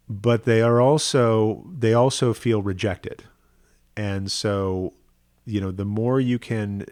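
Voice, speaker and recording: A rabbi tells a personal story in a low-pitched voice. He speaks earnestly and conversationally, often checking in with the listener. The sound is close and dry. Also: darkish tone, no echo.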